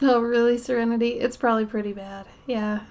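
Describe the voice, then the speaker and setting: Woman, fairly high voice, casual chat, live art stream, rambling, soft murmurs. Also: steady tone, a little fast. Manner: chatty, thinks aloud, reads chat, drifts into soft murmurs. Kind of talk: casual chat while drawing.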